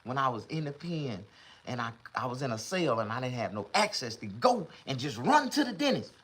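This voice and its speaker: A middle-aged man, talking casually on a livestream and swinging between loud mock crying and low muttering. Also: sing-song, brisk, breathy edge.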